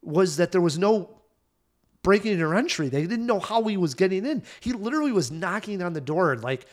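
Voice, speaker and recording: A man co-hosting a casual movie podcast, telling stories quickly and running a trivia game. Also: high voice. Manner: animated, quick storytelling. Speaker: podcast co-host. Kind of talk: casual movie review chat.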